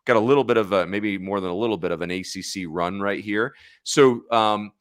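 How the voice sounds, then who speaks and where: A man's voice: on the low side, a little fast, clear, resonant tone, no room sound, studio quality. A man co-hosting a sports podcast in casual chat, talking in a chatty way, correcting himself and laughing easily. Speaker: podcast co-host.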